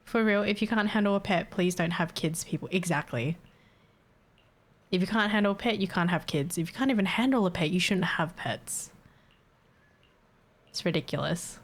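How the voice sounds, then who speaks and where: Young aussie woman streamer ranting, swears a lot, blunt, middle pitched voice. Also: brisk. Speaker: livestreamer. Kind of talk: casual stream chat.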